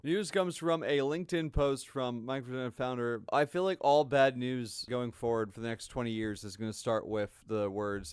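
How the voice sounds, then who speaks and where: A man's voice: medium pitch, normal speed, few pauses, clean tone, no echo. A man streaming, reacting to gaming news with sarcastic, exasperated commentary.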